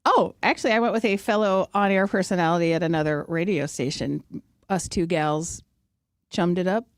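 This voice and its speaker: A woman who is an on-air radio personality, chatting casually and chiming in often with quick reactions. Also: fairly low pitch, dry recording, clean studio sound. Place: radio studio.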